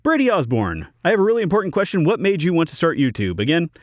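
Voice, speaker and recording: A man's voice: on the high side, huge pitch swings, fast, no echo. A man hosting his channel's Q&A, reading viewer questions and giving blunt, dry answers from his home recording booth. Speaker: YouTube channel host. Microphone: studio microphone in a recording booth.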